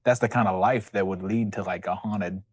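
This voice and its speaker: A man's voice: fairly low pitch, fairly even intonation, normal speed, no echo, clean studio sound. A man from West Virginia co-hosting a casual chat, joking and emphatic, often repeating himself. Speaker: co-host.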